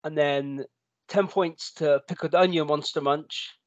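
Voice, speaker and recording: A man from the UK as a guest on a podcast in casual chat, hesitant with many fillers and quick to laugh. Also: on the high side, fairly even intonation, no room sound, dull audio. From United Kingdom.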